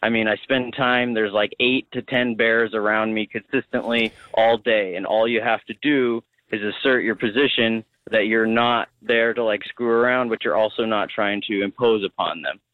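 A young man calling in to a radio talk show, halting and searching for words as he explains. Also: lowish voice, fairly even intonation, dry recording. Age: young adult. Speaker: caller. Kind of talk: call-in radio chat. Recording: tinny phone line.

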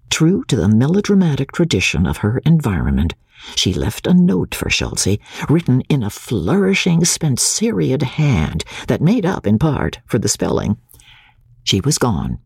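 A man narrating a novel in an expressive, theatrical reading style. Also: medium pitch, creaky, breathy edge, no room sound, clean studio sound. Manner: animated, theatrical delivery. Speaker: audiobook narrator.

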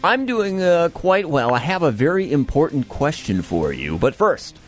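A man's voice: on the high side, big pitch swings, moderate pace, faint music behind. A man hosting a morning radio show, chatting with the weather presenter in a playful, musing way. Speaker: radio host.

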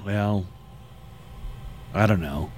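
A man's voice: lowish voice, drawn-out words, darkish tone. A man hosting a morning radio show, chatting wryly with co-hosts and reading an ad. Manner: wry, chatty, reads ad copy. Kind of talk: casual radio talk.

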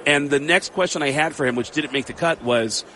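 A stand-up comedian man spins quick, excitable stories and acts out every exchange as he goes. His voice sits a bit high and sounds bright and forceful. A faint hum of noise runs underneath. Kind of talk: animated anecdote telling.

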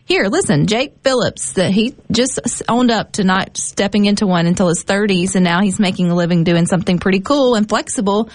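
A woman's voice: mid-range voice, fairly quick, few pauses, no room sound. Woman hosting a chat, upbeat and encouraging, rambles a little, dry close sound. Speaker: host. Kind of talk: interview.

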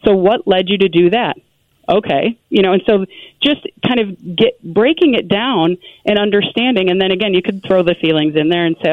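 A woman guest giving parenting advice in an earnest, animated conversational way, full of "you know" asides. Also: medium pitch, moderate pace, no echo. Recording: tinny phone-like line.

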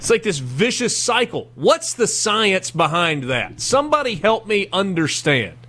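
A man, hosting a sports radio show in a chatty, self-deprecating way that turns animated when he jokes. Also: high voice, unhurried. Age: 40s. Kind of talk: casual sports radio talk.

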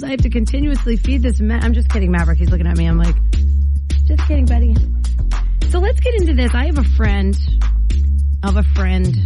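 A woman hosting a morning radio show, chatting in a bubbly, giggly way on a studio mic. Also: medium pitch. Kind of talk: casual radio chat. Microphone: studio microphone.

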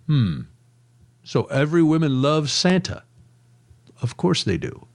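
High-voiced joking male radio host. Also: big pitch swings, unhurried. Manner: chatty, joking, reads listener texts. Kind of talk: casual radio talk. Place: radio studio.

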